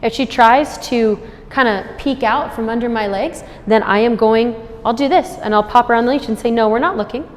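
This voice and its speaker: A woman dog trainer giving an instructional demonstration, explaining her steps and praising the puppy in a high, cheerful voice between explanations. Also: normal speed, few pauses, big-room sound. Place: store, indoors.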